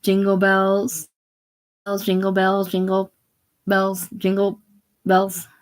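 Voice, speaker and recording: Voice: mid-range voice, monotone, slow, voice pushed up, close to an everyday voice. A reader voicing a drunken old woman who sings in a toneless, droning chant, in a casual play reading. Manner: toneless, droning sing-song.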